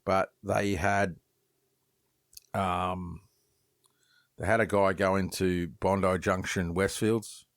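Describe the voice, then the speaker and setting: A man's voice: low voice, takes it slowly, pauses often, no room sound, clean studio sound. An Australian man, a guest on a casual podcast interview, telling stories with plenty of swearing, false starts and repeated words. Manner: lively storyteller, swears freely, acts out quoted voices. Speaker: guest knifemaker.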